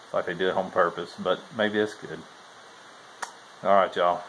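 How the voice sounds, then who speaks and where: The audio is poor, with slight background noise, as a thru-hiker vlogs casually at a forest shelter outdoors. His deep voice is a bit bright and fairly even in intonation at a normal speed, and his easygoing Southern-style chatter leans heavily on "y'all."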